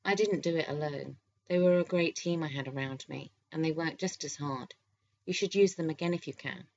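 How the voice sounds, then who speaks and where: A woman's voice: deep voice, vocal fry, dry recording. Woman voicing a teasing young office worker. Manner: teasing, lively, quick retorts. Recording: slightly dull lo-fi recording.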